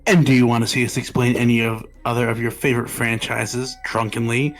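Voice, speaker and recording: Deadpan male guest with dry quips. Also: medium pitch, a little fast, rough recording. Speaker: guest co-host. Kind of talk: casual stream chat.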